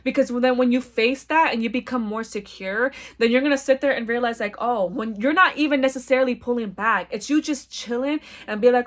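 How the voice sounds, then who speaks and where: A young woman hosting a casual solo podcast, loud and blunt with a slight stutter, talking in a chatty, profane way. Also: fairly high pitch, fairly quick, hardly any pauses. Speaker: podcast host.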